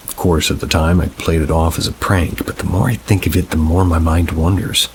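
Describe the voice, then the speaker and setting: Deep-voiced man narrating ghost stories. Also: fairly even intonation, brisk, few pauses, a little hiss or hum, poor audio. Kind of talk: reading first-person paranormal stories.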